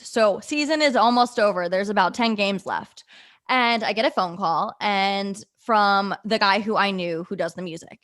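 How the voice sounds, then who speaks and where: A woman's voice: medium pitch, a bit bright. A young woman, a guest on a podcast, telling a story casually and acting out quoted dialogue with lots of fillers. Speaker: podcast guest, former in-game host.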